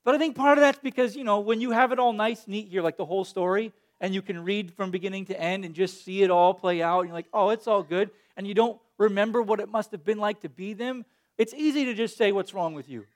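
High-voiced male preacher. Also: fast. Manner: animated, acts out quoted voices. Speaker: pastor. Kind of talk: sermon.

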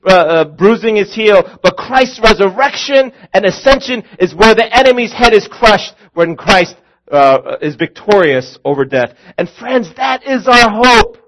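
A man's voice: high-pitched, fairly bright tone, poor audio. A man preaching a sermon as a pastor, earnest, calling his listeners friends and repeating key lines.

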